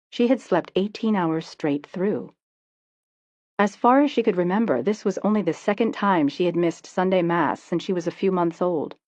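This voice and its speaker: Woman narrator, steady measured audiobook read, lowish voice, dry dull sound. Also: no echo.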